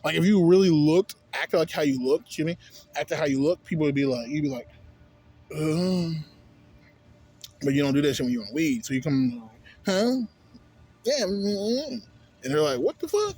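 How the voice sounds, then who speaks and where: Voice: medium pitch, steady tone, quick pace, darkish tone, breathy edge. A young adult man vlogging in a loose, rambling way, swearing constantly and checking in with "you know what I'm saying". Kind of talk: casual rambling monologue.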